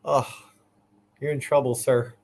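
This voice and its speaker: A man's voice: mid-range voice, level tone, unhurried, vocal fry, darkish tone. A man co-hosting a live online show, chatting casually in a joking, teasing way. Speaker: co-host. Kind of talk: casual live-stream chat.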